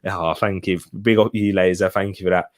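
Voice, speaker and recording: A man's voice: sits low, fairly even intonation, a little fast. A young man from the West Midlands of England, hosting a live football watch-along in an upbeat, chatty way and thanking viewers by name. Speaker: live stream host.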